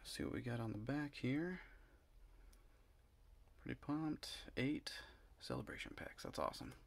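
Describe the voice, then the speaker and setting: A man's voice: mid-range voice, measured pace, vocal fry, noisy background. Chatty man telling a story. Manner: animated, chatty, acts out quotes. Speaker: vlogger. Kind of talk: casual storytelling.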